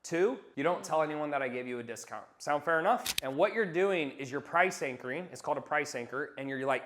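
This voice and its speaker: A man's voice: fairly high pitch, lively intonation, brisk, hardly any pauses, fairly bright tone. A young adult man coaching sales technique in a blunt, casual way, swearing and acting out sales calls.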